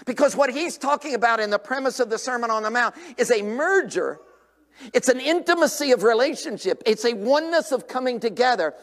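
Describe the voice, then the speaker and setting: Older man, revival preacher, very high voice, long church echo, shouts then drops to a whisper. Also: fairly quick. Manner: animated, swings from shouts to near whispers. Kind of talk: sermon. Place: church sanctuary.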